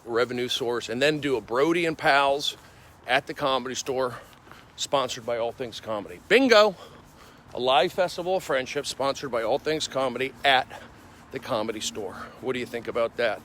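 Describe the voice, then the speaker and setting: A male comedian livestreaming on his phone while walking city streets, rambling excitably with repetitive bursts of loud emphasis. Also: medium pitch, moderate pace, slight background noise. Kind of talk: rambling walk-and-talk livestream.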